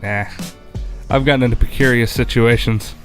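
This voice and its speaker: A man's voice: medium pitch, fairly even intonation, normal speed, fairly bright tone. A man co-hosting a talk show, adding short, laid-back reactions and asides to a story. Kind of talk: casual chat. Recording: faint music behind.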